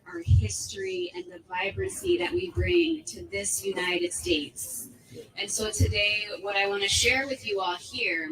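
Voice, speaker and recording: Woman giving an earnest rally speech. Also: mid-range voice. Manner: earnest, measured oratory. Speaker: local political candidate. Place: outdoor protest rally. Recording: distant microphone.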